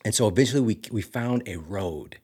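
Animated man telling a story. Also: fairly low pitch, brisk, breathy edge. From Missouri, USA. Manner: animated, dramatic swings from loud to hushed. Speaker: podcast host. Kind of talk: casual storytelling.

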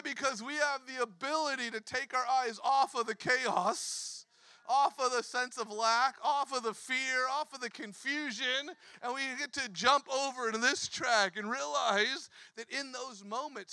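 A pastor in his thirties telling a story in a sermon, animated, acting out quotes and laughing often. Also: extremely high pitch, unhurried, clean tone, dry recording.

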